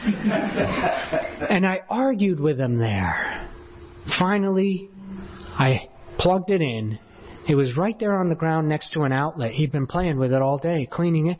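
A high-voiced male preacher in full storytelling flow, jumping between loud bursts and quiet asides as he talks to his congregation. The recording is dull and lo-fi. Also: unhurried, long pauses, big-room sound, a little hiss or hum. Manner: animated, swings between loud and hushed. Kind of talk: sermon storytelling. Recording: dull lo-fi sound.

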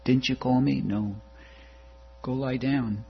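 A preacher voicing a puzzled old priest. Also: male voice, mid-range voice, fairly even intonation, slow, creaky, breathy edge, soft background music, pitched above the performer's own voice, heavily acted. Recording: dull lo-fi recording with mains hum.

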